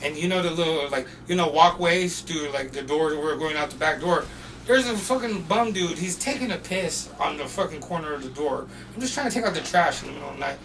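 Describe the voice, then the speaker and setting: A man telling stories in a casual, animated way, full of slang and swearing and getting loud when he acts out the scenes. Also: fairly high pitch, brisk, distant mic, background noise. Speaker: podcast guest. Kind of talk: casual storytelling.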